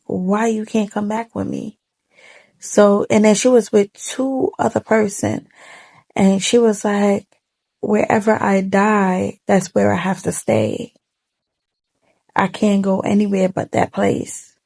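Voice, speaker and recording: A woman's voice: medium pitch, gravelly, darkish tone. A young woman telling a sad personal story to camera in casual, colloquial speech, tearful and heartfelt as she holds back tears. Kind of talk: emotional storytime monologue. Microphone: phone camera facing the speaker.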